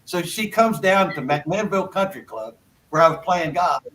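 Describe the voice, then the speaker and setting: Brief: older man, high bright voice, folksy storyteller, distant call audio. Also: lively intonation, moderate pace, slight background noise. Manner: folksy, rambling anecdotes with repeated asides. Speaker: guest songwriter. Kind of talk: casual storytelling interview.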